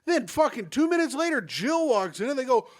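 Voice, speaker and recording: A man co-hosting a podcast, teasing his guests with crude jokes and animated storytelling. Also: very high-pitched, fairly quick. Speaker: podcast co-host. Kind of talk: casual podcast banter.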